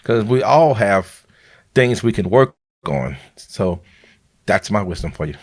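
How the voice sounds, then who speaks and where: A man's voice: lowish voice, sing-song, unhurried, breathy edge. A man, a biomed manager and podcast host, giving earnest, heartfelt advice in a casual podcast chat.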